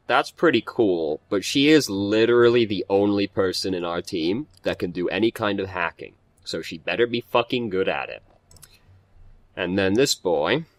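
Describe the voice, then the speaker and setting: A man's voice: deep voice, no echo. A man hosting a let's play, chatting casually, swearing, and reading game text aloud while stumbling over some words.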